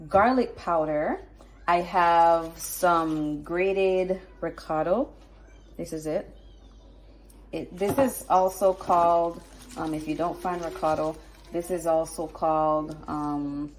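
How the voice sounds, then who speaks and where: A woman's voice: on the low side, poor audio. A woman talking viewers through a recipe in her home kitchen, casual and chatty, with approving hums as she goes. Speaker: home cook and vlogger. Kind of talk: casual cooking demonstration.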